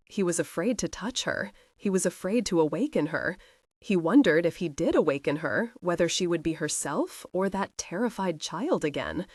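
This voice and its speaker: A woman narrates a romance audiobook in a close, dry voice. Her pitch rises and falls with lively expression, and she tells the story with intimate, expressive warmth. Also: no echo.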